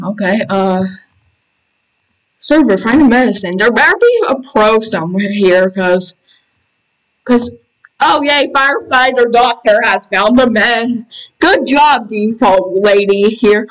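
A woman hosting a gaming channel, giving excitable casual commentary while playing and reading game text aloud, squealing when panicked. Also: a little high, slow pace, long pauses, rough recording. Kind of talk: casual let's-play commentary.

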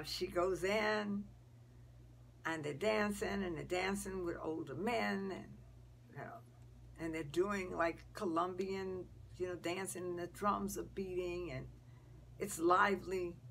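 Slow, whispery woman telling a story. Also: on the low side, slight background noise. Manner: breathy whispers for suspense, halting with fillers. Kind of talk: casual oral storytelling.

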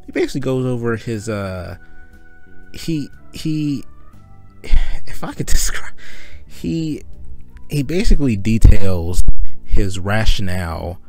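A man's voice: lowish voice, animated, takes it slowly, pauses often, a little mellow, soft background music. A man giving rambling, mocking commentary in a casual, profane way, breaking off to laugh. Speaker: commentary video host.

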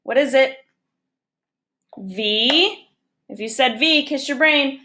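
Slow, patient woman teaching phonics. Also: sits high, pushed and bright. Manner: patient, slow, sounds out letters one by one. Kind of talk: recorded phonics lesson for young children.

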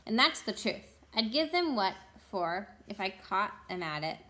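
A woman's voice: mid-range voice, sing-song, unhurried, bright, forceful tone. A woman voicing a humble working-class cab driver in a storybook read-aloud, talking in a plain, deferential, folksy way.

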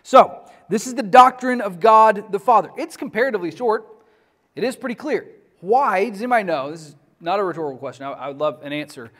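A man's voice: sits high, lively intonation, a little fast, a bit bright. A man lecturing a class on church history in a conversational way, often asking the students questions.

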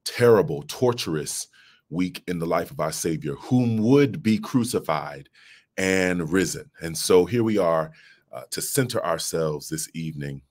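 Give me a man in his late thirties with a very low voice, a pastor talking to his online flock from his phone. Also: lively intonation, a little slow. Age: late 30s. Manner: warm preacher's cadence, calls to the audience. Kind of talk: livestreamed devotional talk. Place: office. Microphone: mobile phone.

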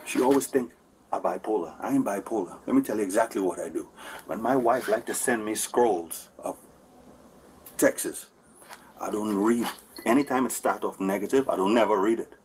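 A slightly mellow, lowish male voice at a moderate pace belongs to a man in his forties who is heatedly rambling to officers, repeating himself and asking if they agree. An officer's body camera records it from a distance, with faint background noise.

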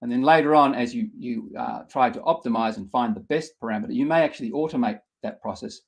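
A man's voice: mid-range voice, fast, creaky. A man running an online workshop, explaining concepts step by step with frequent restarts and fillers. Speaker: workshop instructor. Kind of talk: live online lecture.

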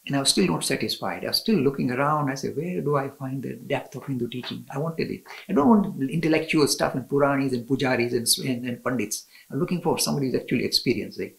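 A man's voice: mid-range voice, lively intonation, fast, vocal fry, few pauses, poor audio. A man telling spiritual stories as an interview guest, enthusiastic, often laughing and restarting his sentences. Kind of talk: storytelling in a conversation.

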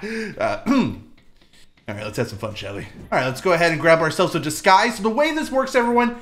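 A young man hosting a gameplay video, goofy and hyper, with sudden loud bursts and fast asides. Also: fairly high pitch, very animated. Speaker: gaming video host. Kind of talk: gameplay commentary.

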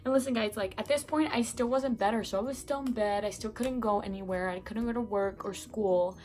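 In her bedroom, a young vlogger rambles through some casual breakup advice, peppered with fillers and self-corrections, her voice a little congested as if she's unwell. She talks briskly at a medium pitch, with a slightly mellow quality.

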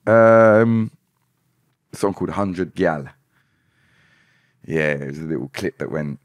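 A man, a musician guest on a podcast, talking in a relaxed, rambling way and often repeating words. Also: sits low, slow, no room sound, highs cut off. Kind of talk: casual podcast interview.

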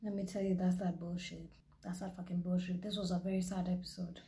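A young Kenyan woman hosting a reaction show, talking loudly and profanely and slipping into Swahili. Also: on the low side, flat delivery, fast talker, gravelly, loud music behind the voice. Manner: loud, profane, switches into Swahili. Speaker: host reacting to a video. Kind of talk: casual reaction commentary.

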